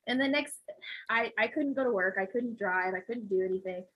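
Husky woman telling a lively story. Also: medium pitch, brisk, dull audio. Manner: animated storyteller, acts out voices, laughs often. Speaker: physical therapist. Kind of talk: casual chat, telling a story.

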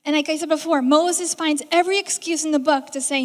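A woman's voice: high-pitched, fairly even intonation, a little fast. A woman preaching a sermon in a conversational way, acting out the lines she quotes. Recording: reverberant hall.

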